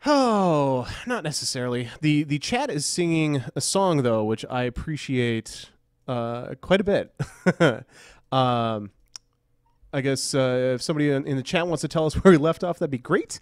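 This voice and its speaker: A man's voice: mid-range voice, expressive, a little slow, clean tone, no room sound. Easygoing male stream host, dry sound. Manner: easygoing, laughs often, reads viewer questions. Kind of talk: casual livestream chat.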